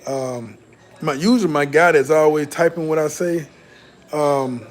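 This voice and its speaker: A man's voice: fairly high pitch, fairly even intonation, moderate pace. A man from the American South, hosting a casual livestream and talking loosely and profanely with his chat. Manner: loose, laid-back, profane, repeats and restarts. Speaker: livestream host reading viewer chat.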